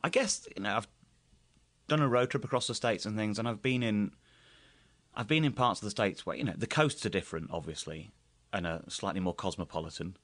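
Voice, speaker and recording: Chatty English man, low dry voice. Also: a little fast, a bit bright, no room sound. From England. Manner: chatty anecdotal storyteller, laughs often. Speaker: guest comedian. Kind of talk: casual chat.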